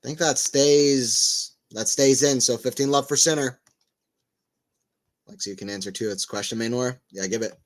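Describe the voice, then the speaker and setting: A man's voice: mid-range voice, brisk, long pauses. A man giving casual live play-by-play tennis commentary, chatting and rambling between rallies and lifting his voice on big points.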